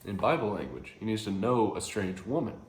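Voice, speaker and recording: A man's voice: fairly low pitch, very animated, a little fast, echoey room, a little hiss or hum. A man doing a sly scheming devil. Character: scheming male devil, a suave gentleman.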